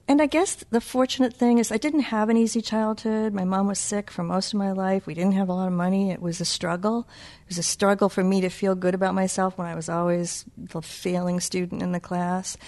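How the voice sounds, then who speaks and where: A woman's voice: mid-range voice, warm tone. A middle-aged woman with a Boston accent, a children's book author talking in a casual interview, playful and self-mocking.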